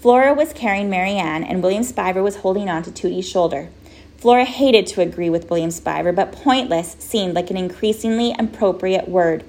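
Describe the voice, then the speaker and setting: A woman narrating a children's storybook in a gentle, wry way. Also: medium pitch, brisk. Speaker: audiobook narrator.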